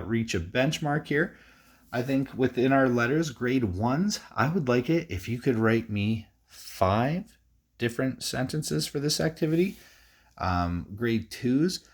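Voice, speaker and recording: A male teacher giving a recorded lesson to young students. He talks in a relaxed, chatty way with many fillers and reads a sample aloud with exaggerated expression. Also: medium pitch.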